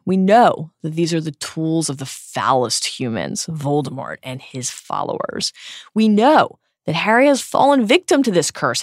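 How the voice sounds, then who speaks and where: This podcast co-host is a woman with a low voice, recorded dry with clean studio sound. She reads book passages aloud and adds commentary, retelling scenes in an earnest, emphatic storytelling style.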